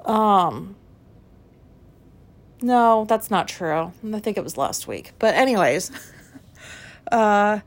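Brief: woman in her thirties, solo podcast host, candid and self-doubting, casual swearing, mid-pitched. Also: animated, takes it slowly, pauses often. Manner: frank, self-questioning, swears freely, many fillers.

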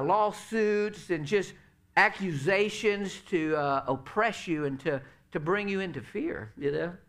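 A middle-aged man delivers a sermon in a relaxed, conversational manner, his voice sitting a touch higher than most men's. He leans on "you know" and "uh" as he talks his congregation through each point. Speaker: pastor.

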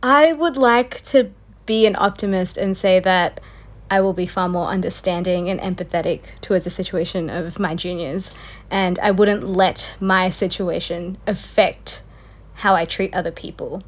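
A woman's voice: fairly low pitch, normal speed. A young woman, a medical student co-hosting a casual chat, laughing often as she tells stories. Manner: laughs often, animated storytelling.

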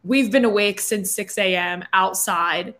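A young woman in her twenties, telling a story in a casual chat with lots of fillers. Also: mid-range voice. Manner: animated, quick storytelling with many fillers.

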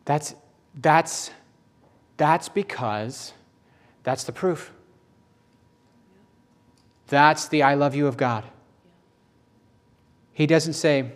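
A man's voice: slow, pauses often. A middle-aged man preaching a sermon in a conversational, emotional storytelling manner. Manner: conversational, emotional storytelling with sudden rises in pitch.

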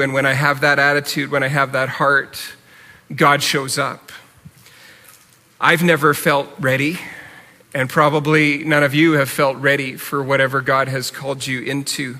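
Earnest pastor in a reverberant hall. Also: male voice, medium pitch, little pitch movement, normal speed, bright, forceful tone. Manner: earnest, conversational preaching with repeated appeals. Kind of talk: sermon.

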